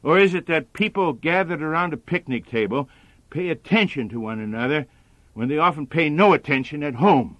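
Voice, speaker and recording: A man preaching a sermon in a measured, earnest manner. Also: a little high, lively intonation, fairly bright tone, no room sound.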